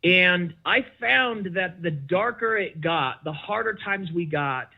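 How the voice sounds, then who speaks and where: A man talking as a podcast guest, telling a personal story in an animated, emphatic way and acting out the dialogue. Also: sits high, slow pace, vocal fry. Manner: animated, emphatic, acts out dialogue in his stories. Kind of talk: conversational storytelling. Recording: dull lo-fi sound.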